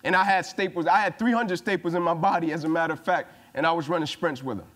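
A man's voice: fairly high pitch, quick pace, fairly bright tone. A man giving a punchy, emphatic motivational speech to a football team, repeating his phrases for emphasis. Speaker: motivational speaker.

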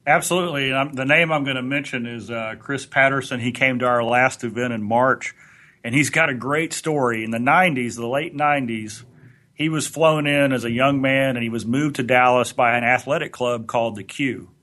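A man co-hosting a podcast, telling a long anecdote in a relaxed, rambling way. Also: medium pitch, normal speed. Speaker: podcast co-host. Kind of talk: anecdotal storytelling.

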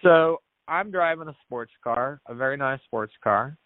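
A man's voice: mid-range voice, unhurried, dry recording. A man guesting on a podcast, earnestly telling a story, acting out the dialogue and often restarting his words. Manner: earnest storyteller who acts out quoted dialogue; frequent restarts and repeated words. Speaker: podcast guest, business founder. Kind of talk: storytelling in an interview. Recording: tinny phone-like dry line.

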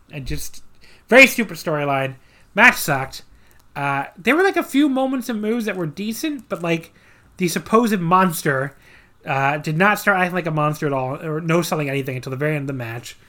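A man's voice: high-pitched, pushed and bright. Sarcastic man reviewing wrestling matches. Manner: sarcastic, dry asides, many fillers. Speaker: podcast host. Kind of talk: casual wrestling review chat.

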